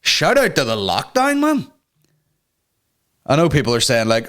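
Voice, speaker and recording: This young male comedy podcast host has a medium-pitched, slightly bright voice with huge swings in pitch, speaking at a measured pace with frequent pauses. He's crude and sarcastic, swearing a lot as he rants and mocks people using put-on voices.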